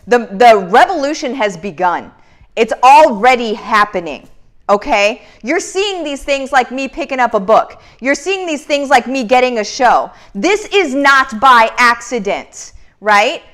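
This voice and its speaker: A woman's voice: on the high side, very animated, measured pace, a bit bright. A woman in her thirties hosting a casual live Q&A, reading out viewer comments in an upbeat, motivational way. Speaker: live Q&A host.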